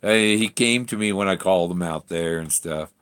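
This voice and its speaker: A man's voice: low voice, moderate pace, fairly bright tone, smooth. A man vlogging from a campsite in a casual, rambling way, chuckling often and trailing off mid-sentence. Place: outdoor campsite.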